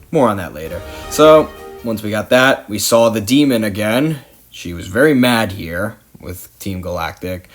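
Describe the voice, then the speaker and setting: A man narrating his own gameplay in a chatty, rambling, self-deprecating way. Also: lowish voice. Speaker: game video host. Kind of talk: gameplay commentary voice-over. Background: background music.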